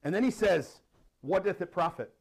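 A middle-aged male pastor preaching a sermon, animated and laughing now and then as he reads and explains scripture. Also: high voice, normal speed, vocal fry, breathy edge.

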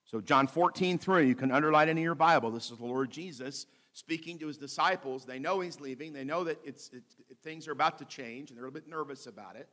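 Man preaching with gentle humor. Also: fairly high pitch. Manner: preaching with light humor, slows to read scripture aloud. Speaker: pastor. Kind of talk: sermon.

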